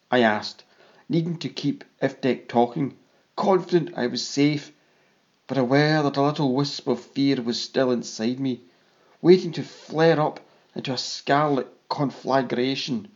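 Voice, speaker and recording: A man reading a first-person audiobook in a slow, measured way. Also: mid-range voice, highs cut off. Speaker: audiobook narrator.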